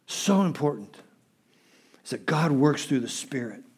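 A man's voice: fairly high pitch, animated, a little slow, breathy edge. A pastor preaching a sermon, emphatic and repeating phrases for stress while he speaks straight to his congregation.

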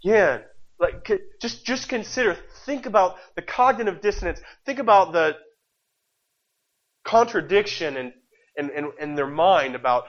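A man's voice: high-pitched, animated, normal speed. A married man preaching a sermon with passion, repeating phrases and asking the congregation rhetorical questions. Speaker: pastor. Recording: dull lo-fi recording.

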